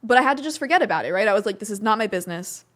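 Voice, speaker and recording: A young woman tells a story as a podcast guest in a relaxed, chatty way. She acts out what people said and fills her talk with "like". Her pitch sits in the middle of the range. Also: racing. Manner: animated storyteller, acting out quotes, many "like" fillers. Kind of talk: casual storytelling interview.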